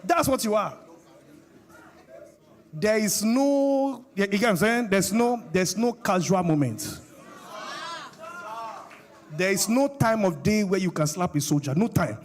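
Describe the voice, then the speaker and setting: A man's voice: high-pitched, expressive, measured pace, pauses often. A middle-aged male pastor, preaching a sermon with call-and-response questions to the congregation.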